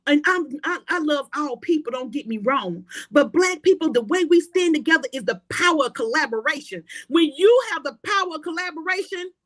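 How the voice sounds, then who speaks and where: A woman speaking with fervent, preacher-like conviction on a faith talk show, repeating key phrases and building to shouts. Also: sits high, animated, fairly quick, hardly any pauses, dry recording. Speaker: guest.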